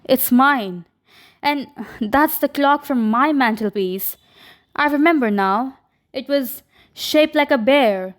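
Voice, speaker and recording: A woman's voice: high voice, slow pace. A woman reading the lines of a nervous, frightened young woman in an audiobook. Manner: anxious, breathless, urgent.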